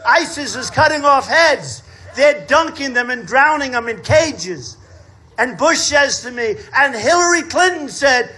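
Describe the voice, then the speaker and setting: A man in his sixties giving a campaign rally speech outdoors, boastful and repetitive, often shouting. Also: very high voice, lively intonation, measured pace. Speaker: political candidate. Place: outdoor state fair rally.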